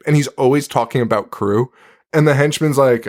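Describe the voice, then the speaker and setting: A man co-hosting a movie podcast talks in a loose, casual way, cursing and laughing often. He keeps slipping into quick impressions of lines from the film. His voice sits at an ordinary middle pitch. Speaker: podcast co-host. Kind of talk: casual chat recapping a movie.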